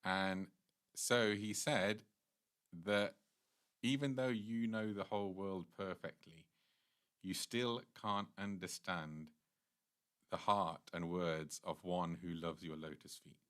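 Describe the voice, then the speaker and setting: A man with a very low, deep voice leads a devotional class. He retells a scripture story earnestly, and breaks off and restarts sentences as he explains. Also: fairly even intonation, takes it slowly, fairly bright tone, clear, resonant tone. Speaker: temple speaker.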